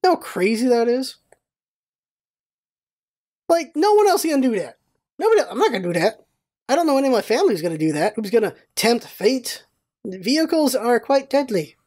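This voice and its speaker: A woman hosting a casual vlog, telling stories in an animated, rambling way with exclamations and some swearing. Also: fairly high pitch, moderate pace, pauses often. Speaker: vlog host.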